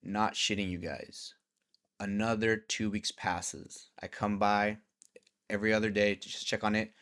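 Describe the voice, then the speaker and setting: Guy with a lowish voice ranting through a story, swearing a lot, doing everybody's lines. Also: measured pace, clean tone. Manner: animated, profane, acts out conversations. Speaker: vlogger. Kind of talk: casual storytelling.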